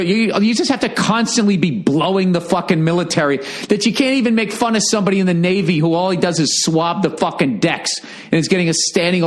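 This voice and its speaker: Man, middle-aged, comedian, angry profane rant, sarcastic, slightly high voice. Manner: profane, heated, sarcastic ranting. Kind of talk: ranting podcast monologue.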